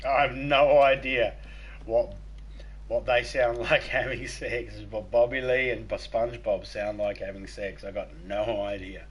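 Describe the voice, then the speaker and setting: A man's voice: mid-range voice, flat delivery, unhurried, slight background noise, poor audio. A young man hosting a live game stream, chatting casually with crude, playful jokes. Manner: crude joking, playful, breaks into voices and laughter.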